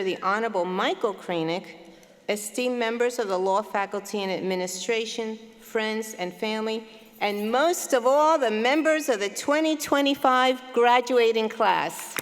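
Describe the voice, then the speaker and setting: A woman dean giving a formal, emphatic commencement welcome speech from a podium microphone. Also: mid-range voice. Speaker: law school dean. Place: large hall at a graduation ceremony. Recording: long hall reverb.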